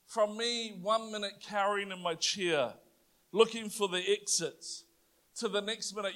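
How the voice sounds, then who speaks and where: A young adult man with a New Zealand accent, preaching a sermon, telling a personal story with animated energy that rises to loud declarations. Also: high voice, unhurried.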